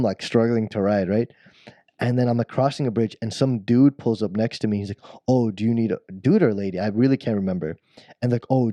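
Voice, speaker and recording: Low, mellow man telling a rambling story. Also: dry recording. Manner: rambling, self-interrupting storyteller who laughs at his own story. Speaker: podcast co-host. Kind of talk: casual storytelling chat.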